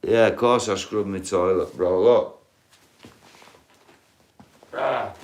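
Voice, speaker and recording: A man's voice: fairly low pitch, slow pace, darkish tone. A man, rambling and swearing as he chats casually with viewers on a livestream.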